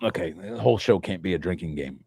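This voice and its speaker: A middle-aged man hosting a podcast, joking and excitable, often restarting his sentences. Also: low-pitched, quick pace, vocal fry, slightly rough, no echo. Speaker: podcast host. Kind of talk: casual chat.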